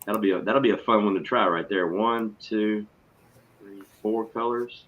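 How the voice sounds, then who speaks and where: A man with a fairly low voice hosts a casual live stream, swearing freely, getting excited and reading chat aloud. His voice comes through a muffled, lo-fi microphone. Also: normal speed. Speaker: streamer host. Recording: muffled lo-fi mic.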